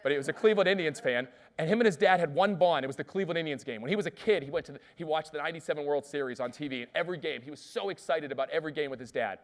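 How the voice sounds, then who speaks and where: Fast-talking, upbeat male keynote speaker. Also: a little high. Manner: lively, asks the audience questions. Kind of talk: energetic storytelling keynote speech.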